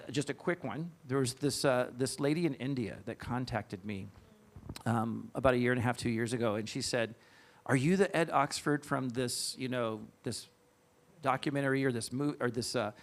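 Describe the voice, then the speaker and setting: Gravelly middle-aged man telling a story. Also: medium pitch. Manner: earnest, halting with fillers and restarts. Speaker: guest speaker. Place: church event.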